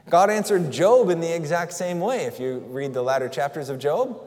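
Male pastor, earnest conversational sermon, fairly high voice, reverberant hall. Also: animated, normal speed, hardly any pauses, darkish tone. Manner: earnest, conversational preaching with rhetorical questions. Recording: long reverb in a large hall.

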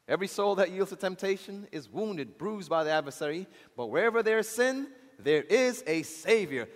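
A man preaching a sermon to a congregation, impassioned, swinging from loud declarations to hushed low passages and calling out to the saints. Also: sing-song, moderate pace. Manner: impassioned, rises loud then drops low and soft; calls out to the congregation. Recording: long hall reverb.

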